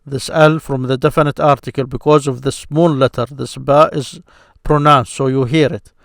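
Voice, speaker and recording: A man teaches an Arabic grammar lesson via screen share, speaking slowly and patiently and sounding out syllables aloud again and again. His mid-range voice is creaky with fairly even intonation. The studio sound is clean, with no room sound.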